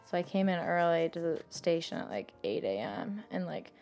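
A young woman being interviewed tells a personal story, rambling emotionally in casual talk and saying "like" constantly. Her voice is fairly low with a darkish tone and a sing-song lilt at normal speed, and faint music plays behind her.

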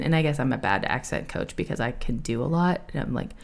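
A woman in her thirties hosts a casual podcast. Her voice sits low but swings widely as she talks. She tells stories candidly, with frequent laughs and the odd swear word. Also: fast talker. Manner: animated, laughing, candid and profane. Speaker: podcast host.

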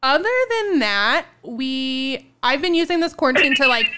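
Bright, high-voiced young woman storyteller. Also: normal speed. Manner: animated, laughing storyteller, many "like" fillers. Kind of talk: casual storytelling chat.

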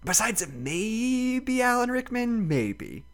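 A podcast host talking casually about a film, animated and laughing often, with lots of fillers and casual swearing. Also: mid-range voice, slow pace.

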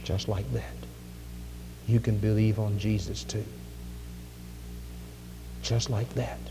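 A man preaching a sermon in a church, emphatic, with dramatic pauses and big swings in volume. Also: on the low side, little pitch movement, vocal fry. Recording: echoey hall with faint music.

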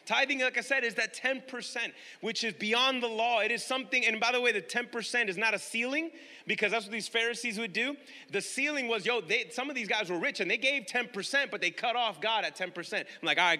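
A man preaching a sermon with a high, very bright voice that carries a long reverb, as if from a large hall. He hammers his points by repeating them and keeps asking the congregation questions. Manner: emphatic, repeats key phrases, questions the congregation directly. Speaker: pastor.

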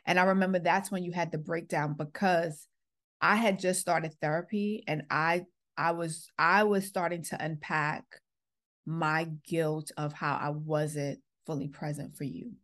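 A woman's voice: deep voice, steady tone, a little slow, a bit bright. A middle-aged woman, a former school principal, earnestly telling a personal story and acting out the quoted exchanges. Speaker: podcast host, former principal.

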